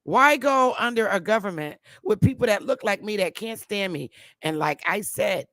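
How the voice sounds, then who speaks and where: Woman host, from New England, blunt profane livestream rant, gravelly and dry. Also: mid-range voice, lively intonation, normal speed, a bit bright, dry recording. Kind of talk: impassioned livestream monologue.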